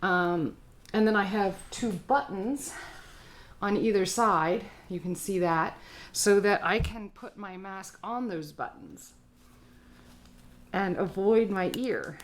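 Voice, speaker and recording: A woman's voice: mid-range voice, slow pace. A woman art teacher giving a casual live-stream craft tutorial, chatty and rambling with frequent filler words.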